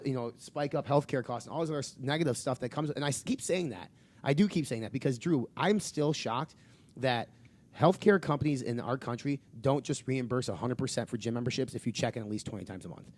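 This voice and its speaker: A man co-hosting a casual podcast, driving his points home with blunt swearing. He talks quickly and presses hard on each point. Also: mid-range voice, a little mellow. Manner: emphatic, profane ranting. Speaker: podcast co-host.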